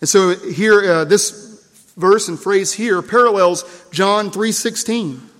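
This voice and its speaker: A man preaching a sermon as pastor, emphatic and measured, repeating key phrases and letting his lines fall away softly. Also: high voice. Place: church. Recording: long reverb of a church hall.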